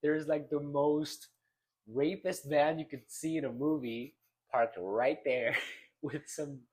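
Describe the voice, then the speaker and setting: A man's voice: a little high, steady tone, takes it slowly, a little mellow, breathy edge. A young man co-hosting a casual podcast, rambling through a story and laughing often. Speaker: podcast co-host. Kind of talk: casual chat.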